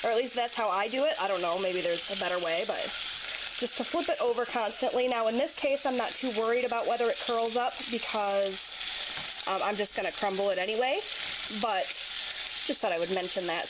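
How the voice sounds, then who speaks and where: A woman in her thirties, a mother, chatting casually to camera in her home kitchen with lots of ums. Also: a little high. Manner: chatty, rambling, frequent ums. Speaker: vlogger, mother. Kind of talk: casual vlog talk to camera. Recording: noisy home video recording.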